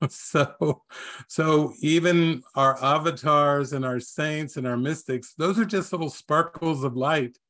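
A man giving a gentle spiritual teaching talk, unhurried and wondering, who chuckles often between phrases. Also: fairly high pitch.

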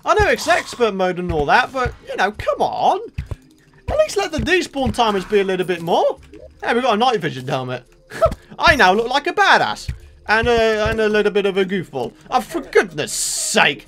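Excitable man ranting over gameplay. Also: sits high, moderate pace, faint music behind. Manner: excitable, exasperated ranting with outbursts. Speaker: gaming channel host. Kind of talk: let's play commentary.

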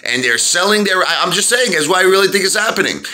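A man vlogging about stocks in an excitable, rambling monologue, dropping "baby" asides. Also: high-pitched, fast talker.

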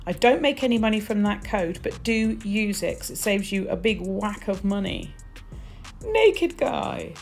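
In a nail polish tutorial, a British nail technician talks casually and effusively, sprinkling in little exclamations. Her medium-pitched voice is steady, at normal speed with hardly any pauses, over soft background music.

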